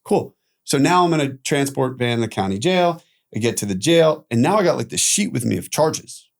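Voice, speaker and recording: A man guest on a podcast telling his own story candidly, animated, acting out quoted voices and swearing casually. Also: medium pitch, normal speed, vocal fry.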